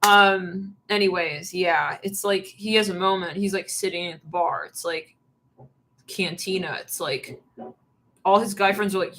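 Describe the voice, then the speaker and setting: Bright-voiced woman giving a spirited reading. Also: on the low side, measured pace, slight background noise, poor audio. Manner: animated, acts out quoted voices and laughs. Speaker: tarot reader. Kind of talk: channeled reading monologue.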